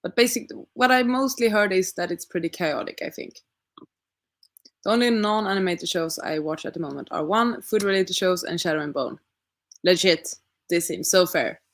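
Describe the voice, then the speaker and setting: A woman's voice: lowish voice, moderate pace. A young woman casually chatting with her stream audience, thinking aloud and asking rhetorical questions. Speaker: livestream host reading chat. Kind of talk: casual chat.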